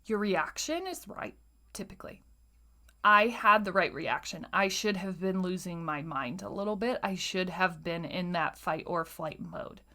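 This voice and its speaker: A woman's voice: on the low side, unhurried, pushed and bright. A woman hosting a solo podcast in a casual, chatty way, often tagging her points with "right?" and sometimes dropping to a near-whisper. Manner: chatty, tags lines with "right?" and "like". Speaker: podcast host.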